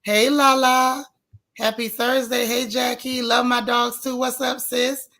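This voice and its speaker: A woman's voice: on the high side, little pitch movement, unhurried, creaky, pushed and bright. A woman hosts a casual live stream, greeting viewers one by one in a folksy, chatty way. Her voice sounds strained and a bit worn. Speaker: livestream host.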